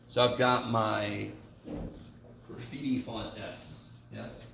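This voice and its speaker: A casual man lecturing a math class, recorded from across an echoey room with faint noise behind him. His voice has a gravelly edge, and he jokes and swears mildly as he teaches. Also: lowish voice, fairly even intonation, slow pace, recorded from a distance. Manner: casual and joking, with mild swearing.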